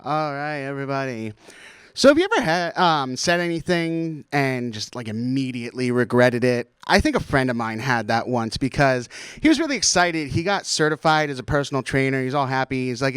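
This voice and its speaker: A man's voice: mid-range voice, animated, moderate pace, fairly bright tone, smooth, no echo. A young man doing a stand-up routine in a college TV studio. He mocks himself and laughs at his own jokes. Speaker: stand-up comedian.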